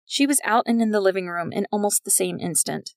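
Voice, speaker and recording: A woman with a gravelly voice reads a story aloud in a wry narrating style. The recording is dry and close, with no room sound. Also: mid-range voice, fairly quick, no echo. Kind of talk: scripted narration of a fiction podcast.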